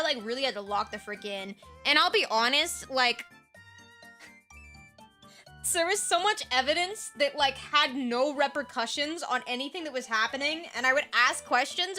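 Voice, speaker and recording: Young woman streamer: bright, lively chatter full of fillers and laughs, a touch hoarse and tired, faint music underneath. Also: high voice. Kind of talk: casual chat recapping a role-play game.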